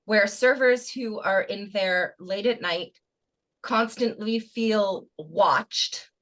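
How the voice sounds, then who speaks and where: A woman's voice: mid-range voice, slow pace, a bit bright. Woman guest host, playful and chatty, telling a story on a live podcast. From Canada. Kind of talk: live podcast banter, running a trivia game.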